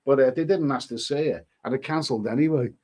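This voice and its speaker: A man's voice: mid-range voice, fast, a little mellow. A man chatting casually on a live stream, reading out comments and rambling with frequent stumbles and repeated words. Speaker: livestreamer reading chat comments.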